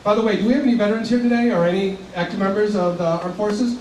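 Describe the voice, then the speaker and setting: An older man in his seventies from South Texas gives an earnest, passionate speech in a fairly high voice. He sounds set back from the mic in an echoey hall, with faint room noise behind him. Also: fast, hardly any pauses, distant mic, a crowd in the background. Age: 70s. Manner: earnest and passionate, at times choked up with emotion. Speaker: community organization leader giving a speech. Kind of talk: public speech.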